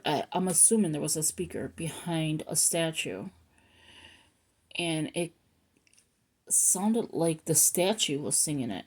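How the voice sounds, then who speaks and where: Rambling woman with a low, husky voice. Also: a little mellow. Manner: rambling, self-interrupting, chatty. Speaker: planner vlogger. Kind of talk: casual rambling chat.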